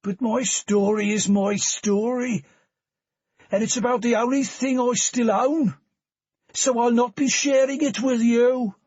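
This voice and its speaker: A man's voice: extremely high pitch, fairly even intonation, unhurried, a little mellow, breathy edge, no room sound, voice pushed up, heavily acted. A man voicing a drunken homeless ex-soldier in his forties with a slurred Birmingham accent, bitter and hostile. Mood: snarling. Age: 40s. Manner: bitter, snarling. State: slurred by alcohol. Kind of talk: audiobook character voice. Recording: dull, dry studio recording.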